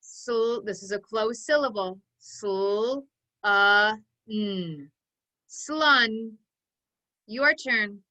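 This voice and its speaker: A woman teaching an online phonics lesson, calling out sounds and blending words slowly and deliberately for children to repeat. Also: medium pitch, pushed and bright, rough recording. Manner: slow, deliberate drill calls, sounding out each part.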